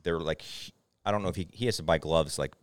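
A man's voice: quick pace, clean tone, no room sound. A man co-hosting a casual podcast, telling a rambling story and acting out what people said. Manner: rambling storyteller, acts out quotes with raised pitch. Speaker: podcast co-host.

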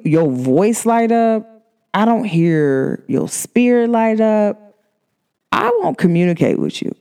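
A woman talking straight to her listeners in a loose, chatty monologue. She is emphatic and animated, and her voice jumps up high when she gets excited. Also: smooth. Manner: chatty and emphatic, many "like" fillers. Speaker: podcast host.

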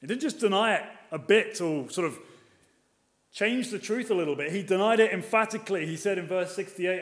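A man delivering a sermon in a slightly higher-than-usual voice. He moves between emphatic stretches and quiet asides. He keeps the congregation engaged with rhetorical questions. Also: animated, fairly quick. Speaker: preacher. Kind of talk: expository sermon.

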